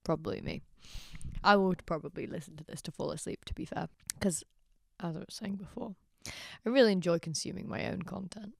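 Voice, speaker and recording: A woman's voice: lowish voice, a little fast, gravelly, no echo, studio quality. Tipsy young woman, rambling and sardonic. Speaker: podcast host. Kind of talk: casual solo podcast monologue.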